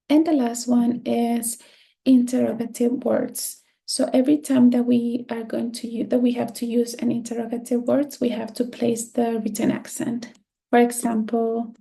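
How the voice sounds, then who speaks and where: Woman, language teacher, fairly high voice, gravelly fry, pauses and fillers. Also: dark tone. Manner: slow and careful, with many pauses and fillers. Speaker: Spanish teacher. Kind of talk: explaining a grammar lesson.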